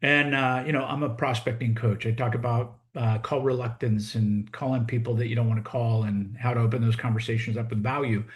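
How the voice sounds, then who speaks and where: A man's voice: mid-range voice, steady tone, fairly quick, hardly any pauses. A middle-aged American man, a real estate coach, telling a story as a monologue and acting out both sides of the conversation. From United States.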